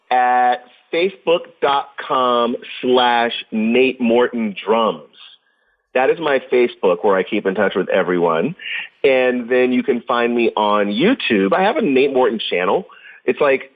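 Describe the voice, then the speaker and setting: A man chatting as a guest on an interview podcast, telling stories in an animated, jokey way. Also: mid-range voice, unhurried, narrow, tinny audio. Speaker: guest drummer. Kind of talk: casual interview chat.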